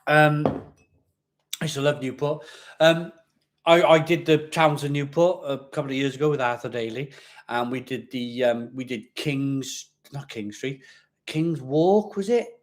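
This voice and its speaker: A man's voice: mid-range voice, a little slow. Chatty Welsh man from Barry. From Barry, Wales. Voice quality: slight growl at the back of the voice. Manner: chatty, rambling, reads viewer comments aloud, repeats himself. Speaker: live stream host. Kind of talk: casual live stream chat.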